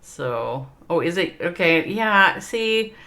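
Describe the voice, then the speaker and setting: A woman's voice: fairly low pitch, very animated, slow, pushed and bright. A woman with a Minnesota accent casting an esports game on a livestream, chatting with her viewers and laughing often. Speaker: esports caster. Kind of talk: livestream game commentary and chat.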